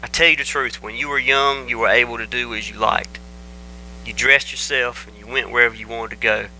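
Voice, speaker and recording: A man reading out the lines of a gentle male teacher in a sermon, softly and measured. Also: medium pitch, steady tone, a little hiss or hum, poor audio.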